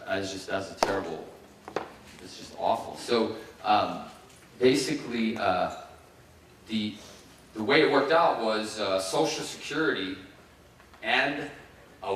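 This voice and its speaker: A man's voice: lowish voice, a bit bright, recorded from a distance. A man in his fifties from Ohio tells his life story as a keynote speaker. He talks loosely, with fillers and restarts. He is heard from some way off in a very echoey hall, with faint noise behind him. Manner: casual and halting, with many fillers and restarts. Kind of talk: personal story told in a keynote speech.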